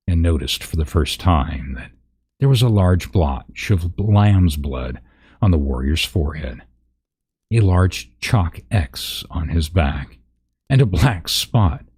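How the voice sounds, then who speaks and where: A man's voice: low-pitched, a little mellow, husky. A man reading a parody fantasy story aloud, breaking into laughs and profane asides.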